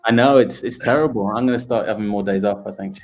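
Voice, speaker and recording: Low-voiced relaxed man. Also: fast talker. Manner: relaxed, many fillers, promotional. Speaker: guest from a project team. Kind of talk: casual live audio chat.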